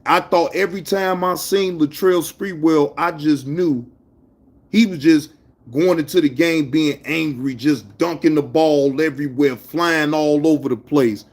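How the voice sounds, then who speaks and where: A man with a fairly high-pitched voice runs a relaxed livestream, speaking a little slowly and directly to his chat. Animated and loose with his slang, he names individual viewers between anecdotes.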